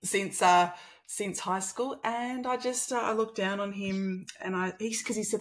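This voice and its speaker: A woman in her thirties with an Australian accent tells a personal story as a guest in conversation, animatedly acting out the quoted dialogue. Her mid-range voice moves at a moderate pace with few pauses.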